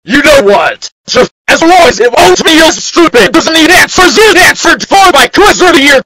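A man playing a furious cartoon dinosaur who yells without pause, spitting out chains of nonsense words. The voice is extremely high and piercingly bright, hammering every phrase. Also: animated, full character voice, low-quality recording. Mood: ranting. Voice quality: high, bright, shrill yelling TTS-style voice. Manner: screaming long strings of nonsense insults. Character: furious purple dinosaur error character, male, ranting nonstop. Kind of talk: fan-made text-to-speech error video.

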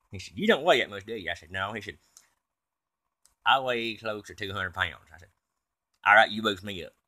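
Guy telling a goofy tall tale, bright punchy voice, folksy drawl. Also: fairly low pitch. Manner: folksy, tall-tale telling, quotes others in his own voice. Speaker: comedic storyteller. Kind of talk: comedic monologue.

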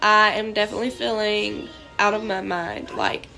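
A woman's voice: medium pitch, fairly even intonation, normal speed, gravelly, pushed and bright, faint music behind. A young woman, sick and congested, rambling in a scattered way with many fillers in a casual vlog from her trailer. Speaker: vlogger. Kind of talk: casual talk to camera. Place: small trailer indoors.

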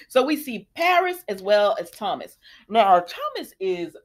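A young adult woman hosting a casual soap opera recap, talking in a sassy, animated way and acting out the characters' lines. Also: mid-range voice, a little slow.

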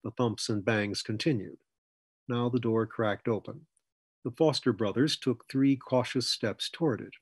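A man narrating his story in a steady, even audiobook reading. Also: mid-range voice, a little slow, slightly rough, dry recording.

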